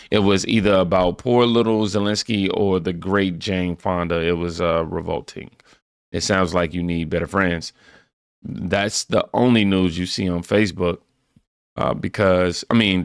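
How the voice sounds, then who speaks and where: Laid-back low-voiced man reacting to clips. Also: steady tone, moderate pace, creaky, no echo, studio quality. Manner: laid-back, laughs, stumbles over words while reading comments. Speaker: reaction channel host. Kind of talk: casual reaction commentary.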